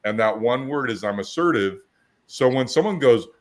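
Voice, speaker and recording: His lowish voice moves fairly quickly as he co-hosts a coaching podcast. In casual talk he comes across as assertive, and his stories include acted-out quotes.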